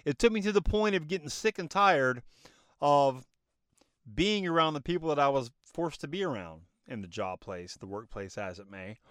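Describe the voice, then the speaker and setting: A man's voice: fairly high pitch, expressive, normal speed, a bit bright, no echo, studio quality. A man hosting a motivational podcast, recorded on a phone in his car, speaking in an emphatic, preachy way with a slightly choked-up throat. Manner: preachy, emphatic, asks himself rhetorical questions. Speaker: podcast host. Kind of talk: motivational monologue.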